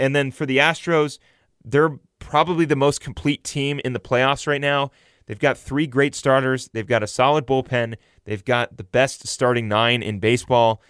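Young male sports podcaster, loose and rambling, clear resonant tone, dry close-miked. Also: medium pitch, a bit bright, no room sound. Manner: rambling, self-correcting, frequent fillers and restarts. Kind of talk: casual baseball commentary.

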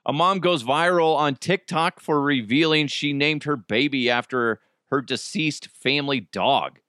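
A man's voice: fairly high pitch, a little slow, bright, forceful tone, clear, resonant tone, no echo, clean studio sound. A middle-aged man hosting a casual solo podcast, ranting in an exasperated, profane way and telling stories with lots of animation. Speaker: podcast host.

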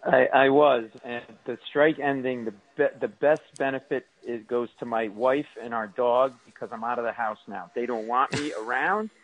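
A male comedian guest telling animated, self-mocking comic stories on a radio show. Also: mid-range voice, moderate pace, hardly any pauses, poor audio.

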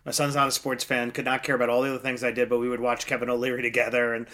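A man's voice: medium pitch, very fast. Middle aged guy telling stories on a podcast, acts out quotes, laughs a lot. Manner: animated storyteller, acts out quotes, laughs often. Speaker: guest investor. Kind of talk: casual interview chat.

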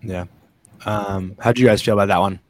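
A young man co-hosts a sports podcast from home. His low voice sounds close and dry, and he rambles with lots of fillers. He stays loose and conversational. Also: steady tone, moderate pace, dry recording. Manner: rambling, many fillers and restarts. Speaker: sports reporter, co-host. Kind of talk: casual sports chat. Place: home room.

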